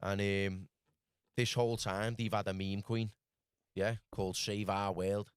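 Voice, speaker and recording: A man's voice: lowish voice, flat delivery, a little slow, smooth, dry recording, clean studio sound. A man from Liverpool with a Scouse accent, telling a rambling travel story as a podcast guest and saying "lad" over and over. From Liverpool, England. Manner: rambling, full of "lad" and "do you know what I mean". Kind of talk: casual storytelling.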